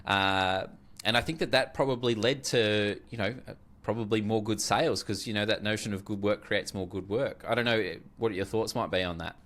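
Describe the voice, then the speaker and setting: A man's voice: lowish voice, fairly even intonation, brisk, fairly bright tone. A man co-hosting a podcast, speaking in a tentative, hedging way with plenty of fillers. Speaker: podcast co-host. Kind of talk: casual conversational interview.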